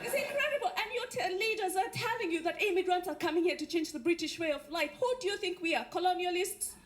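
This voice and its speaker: A woman's voice: very high voice, quick pace. A woman with a Kenyan accent performing a wry stand-up comedy set on a theatre stage. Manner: wry, punchline-driven delivery. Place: theatre stage before a laughing audience. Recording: live theatre recording with faint noise.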